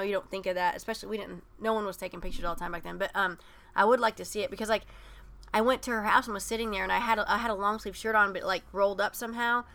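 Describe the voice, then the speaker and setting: Woman with a bright, gravelly storytelling voice. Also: mid-range voice. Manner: rambling, many "like" fillers, acts out quoted voices. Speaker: podcast co-host. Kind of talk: personal storytelling in casual chat.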